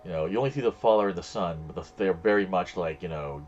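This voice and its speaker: A man's voice: low voice, fast talker, a little mellow, highs cut off, slight background noise. A man streaming a game and chatting casually, telling stories in a rambling way and acting out the voices of the people in them. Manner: rambling storyteller, acts out quoted voices. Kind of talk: casual chat while gaming.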